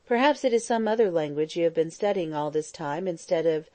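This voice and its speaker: The Major is a cool, mischievous soldier who teases his friend in a calm, even tone, as a woman narrator reads him. The voice is mellow and dark, recorded close and dry. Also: lowish voice, fairly quick, no echo, lightly acted. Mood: teasing. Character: dry, teasing Scottish army major.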